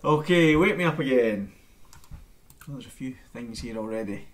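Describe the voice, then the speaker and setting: A man giving a relaxed, chatty live-streamed bagpipe lesson from home into his camera mic. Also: medium pitch, normal speed. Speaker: bagpipe teacher.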